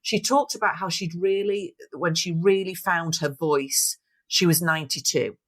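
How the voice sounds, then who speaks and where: A woman's voice: on the low side, unhurried. A woman speaking as a podcast guest, upbeat and motivational, explaining her ideas through examples. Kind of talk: interview conversation.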